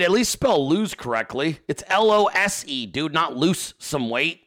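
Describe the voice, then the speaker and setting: Male streamer host, bright animated delivery, profane rants, casual reading of viewer mail. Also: fairly high pitch, a little slow. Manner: profane, ranting; reads viewer emails and chat aloud. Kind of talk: casual livestream chat.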